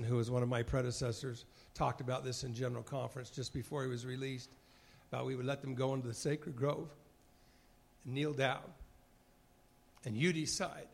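A former mission president delivers an earnest devotional sermon in a medium-pitched voice with vocal fry. He bears testimony and acts out short dialogues from his mission days, at moments choking up with emotion.

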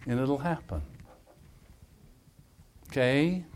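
A man leading a family workshop, coaching a couple in front of a group through animated, emphatic hypothetical scenarios. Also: medium pitch, takes it slowly, slight background noise. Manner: repetitive, emphatic phrasing.

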